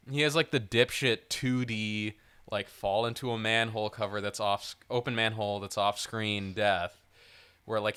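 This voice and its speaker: A man co-hosting a casual movie podcast, talking in an animated way, swearing and putting on voices for jokes. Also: lowish voice, clean tone. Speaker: podcast co-host.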